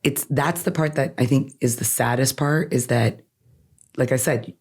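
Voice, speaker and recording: An earnest woman lawyer, born in Iran, talks through her experiences as a podcast guest. She speaks in an animated, conversational way and keeps checking in with "right?" after her points. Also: extremely low pitch, normal speed, breathy edge. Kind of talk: conversational interview.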